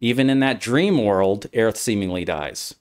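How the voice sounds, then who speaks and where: A man's voice: lowish voice, expressive, normal speed, smooth. A man streaming a casual discussion, rambling through his explanation with many restarts. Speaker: streamer, host.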